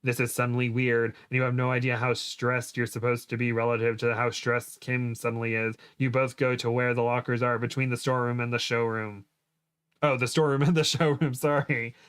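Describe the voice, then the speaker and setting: A man's voice: medium pitch, level tone, a little fast, a bit bright, smooth. A man, host of a podcast, reading fan fiction aloud, with amused, laughing asides.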